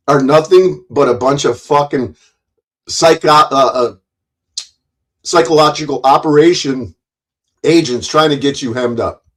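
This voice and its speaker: A man's voice: medium pitch, fairly bright tone. A man doing angry ranting commentary on a livestream, profane and confrontational, often stumbling and repeating words. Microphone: streaming mic.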